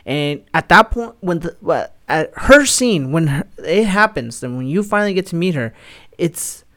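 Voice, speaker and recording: A man's voice: a little high, lively intonation, moderate pace, sharp tone. A man co-hosting a podcast in casual chat, enthusiastic and full of fillers, often saying "dude". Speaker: podcast co-host.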